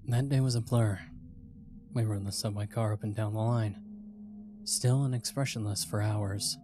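Low-voiced man narrating horror. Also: fairly even intonation, a little slow, music in the background.

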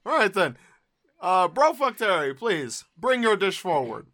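A man's voice: sits high, very animated, measured pace, sharp tone, full character voice. A man playing an exasperated cooking-show host in improvised comedy, with wry, weary emcee banter. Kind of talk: improvised comedy role-play.

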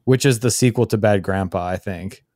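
A man's voice: on the low side, moderate pace, darkish tone, no room sound, studio quality. A man co-hosting a casual comedy podcast, joking and slipping into silly voices. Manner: jokey, slips into silly voices. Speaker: podcast co-host.

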